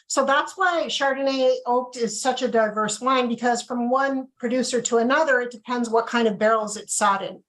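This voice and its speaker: A woman's voice: on the high side, fairly bright tone, poor audio. A woman casually leading a wine and cheese tasting on a video call, chatty and asking "okay?" after each point. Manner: chatty, checks in with okay often. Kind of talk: casual live tasting demo.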